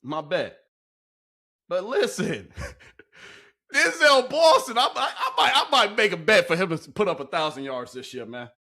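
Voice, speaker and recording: A high-voiced man whose pitch swings wildly as he hypes up game clips. He is loud and slangy, talking straight into his microphone as a sports video host. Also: very animated, measured pace, pauses often. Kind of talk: hyped commentary over game clips.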